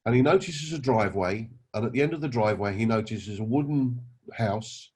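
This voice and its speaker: Husky man giving a pep talk. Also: mid-range voice, fairly quick, a little mellow. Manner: earnest, rhetorical questions and anecdotes. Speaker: network marketing recruiter. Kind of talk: motivational talk with storytelling.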